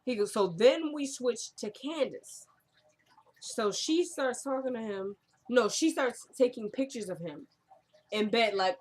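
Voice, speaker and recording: A woman giving a casual, rambling recap of a TV drama episode, full of fillers and self-corrections. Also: moderate pace. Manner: drops into quieter, lower tones when quoting characters.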